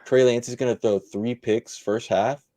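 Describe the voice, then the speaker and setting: A man co-hosting a casual sports podcast, spinning bold predictions in a lively way with lots of "like" fillers. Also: medium pitch, normal speed, no echo. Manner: animated, spins bold predictions with frequent "like" fillers. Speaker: podcast co-host.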